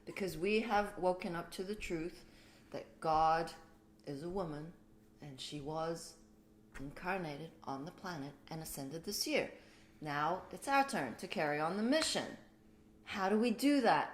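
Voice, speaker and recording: A middle-aged woman talks slowly on a spiritual livestream, moving between quiet and loud bursts and swearing freely. Her voice sits in an echoey room. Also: on the low side. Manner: emotional, swearing, swings from soft to loud. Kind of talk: casual spiritual chat.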